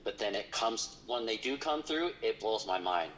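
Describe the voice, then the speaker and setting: Low-voiced man telling a ghost story. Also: lively intonation, normal speed, fairly bright tone, a little hiss or hum, poor audio. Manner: rambling with frequent fillers. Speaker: paranormal investigator guest. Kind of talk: casual storytelling.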